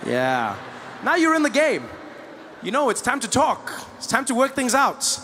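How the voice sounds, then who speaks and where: A man with a South African accent doing stand-up comedy, animated and playing the people in his stories. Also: very high-pitched, unhurried, big-room sound, a little hiss or hum. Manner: animated, switches into playful character voices. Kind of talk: stand-up comedy with acted dialogue.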